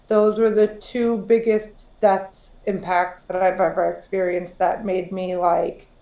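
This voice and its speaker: A woman's voice: medium pitch, level tone, measured pace, reverberant, dull audio. A woman co-hosting a podcast in casual chat, candid and swearing freely, with lots of "like". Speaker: podcast co-host.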